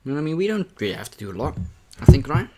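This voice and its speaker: A man's voice: on the high side, sing-song, rapid-fire, dark tone, slight background noise. A young man vlogging a mukbang, talking casually and candidly between bites, rambling and often saying "man". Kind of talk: casual talk to camera while eating.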